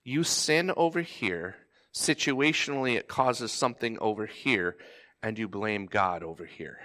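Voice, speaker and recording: A man, a pastor, preaching a sermon in a conversational way, now and then acting out pleading voices in a sharply raised pitch. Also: expressive, unhurried, sharp tone.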